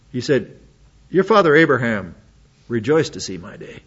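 A man's voice: medium pitch, sing-song, breathy edge, muffled recording. A man preaching a sermon, reading Bible passages aloud and breaking in with casual, plain-spoken comments. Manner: reads scripture aloud then adds quick casual asides.

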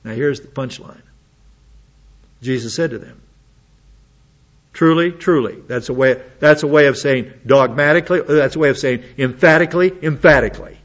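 A man gives a sermon at an average pitch, reading scripture aloud and then stepping out of it for quick, conversational asides. The recording is a bit dull and lo-fi. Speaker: preacher. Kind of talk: sermon with Bible reading and commentary.

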